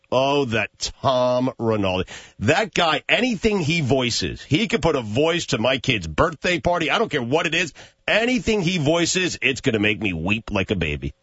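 A man's voice: fairly high pitch, big pitch swings, normal speed, fairly bright tone, slightly rough, no room sound. A man in his forties, a sports radio co-host, talking in an emotional, rambling way. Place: radio studio. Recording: dull studio audio.

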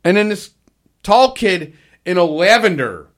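Middle-aged man, podcast host, animated storyteller, swears a lot, high voice, swings all over. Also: measured pace. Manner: animated storyteller, profane, acts out quotes. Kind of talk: casual chat.

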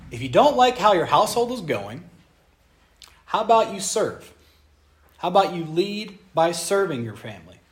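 A young man preaching a sermon on marriage to a live audience, animated and conversational, acting out little voices as he goes. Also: sits high. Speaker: pastor.

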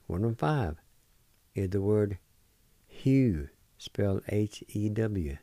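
A man's voice: on the low side, animated, slow, mellow, no echo. A man hosting a radio language lesson, patiently spelling words letter by letter and repeating each pronunciation. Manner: encouraging. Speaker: radio host teaching Cherokee words.

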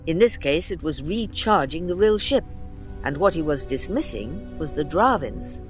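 Man, audiobook narration, high voice, steady and measured. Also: soft background music. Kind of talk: scripted narration.

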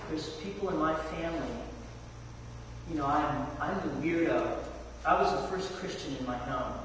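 A high-pitched male pastor delivers a sermon in a loose, slangy storytelling way, firing rhetorical questions at the congregation. He is heard from a distance in a big, echoing church hall with faint noise underneath. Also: moderate pace, a bit bright.

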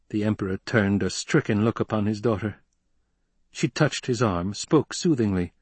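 A man narrating an audiobook in a steady, scripted reading. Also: lowish voice, moderate pace, breathy edge, dry recording.

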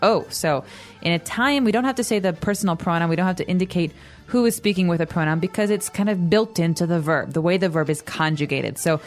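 A young American woman co-hosting a language podcast, explaining patiently in a relaxed, upbeat chat and laughing easily. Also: fairly low pitch, fast talker, faint music behind. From United States. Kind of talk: casual teaching chat.

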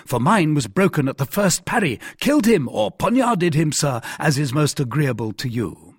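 A man voicing a polished, courteous young musketeer who speaks in a smooth, pleading way. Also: fairly high pitch, sing-song, moderate pace, no echo, studio quality, voice pushed up. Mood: courtly.

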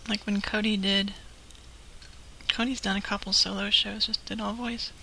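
Giggly woman with a bright, creaky voice. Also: mid-range voice, flat delivery, normal speed, a little hiss or hum. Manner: giggly, easygoing. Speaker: co-host. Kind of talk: casual chat.

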